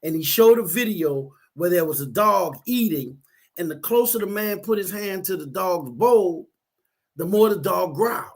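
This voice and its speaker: A man's voice: sits high, normal speed. A man who works as a counselor, chatting on a talk show and telling stories with acted-out quotes. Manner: animated storyteller acting out quotes. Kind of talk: casual talk show chat.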